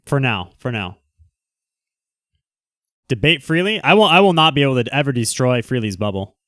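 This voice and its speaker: A man hosting a casual livestream, talking loosely and jumping between asides to the people watching. His voice comes across smooth and resonant. The sound is close and dry, with no room around it. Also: medium pitch, sing-song, fairly bright tone, dry recording. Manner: rambling, quick asides to viewers. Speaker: livestream host.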